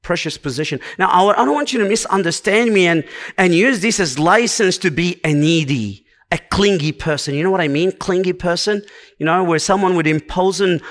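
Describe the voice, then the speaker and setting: A man's voice: high voice, fairly bright tone. A man preaching a sermon to a congregation, earnest and exhorting, driving his points home with short repeated commands.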